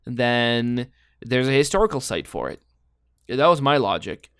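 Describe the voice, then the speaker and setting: A man's voice: medium pitch, very animated, normal speed, fairly bright tone, smooth, no echo, studio quality. A man giving casual, rambling commentary while playing a guessing game, joking and thinking aloud. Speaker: gameplay commentator.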